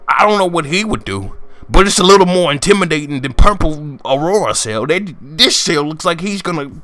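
Excitable, animated young-sounding gaming commentator man. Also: a little high, brisk. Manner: excitable, profane, jokey. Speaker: gaming YouTuber. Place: home room, sitting at a desk chair.

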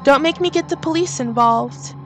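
A woman's voice: high voice, moderate pace, a bit bright, soft background music. A woman voicing a stern male store manager in a horror game, speaking formally and with authority.

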